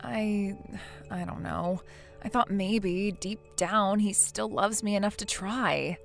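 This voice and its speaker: A woman's voice: medium pitch, slow pace, gravelly, soft background music. A woman voicing a self-pitying young wife in a text-message story, pleading and defensive. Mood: dejected.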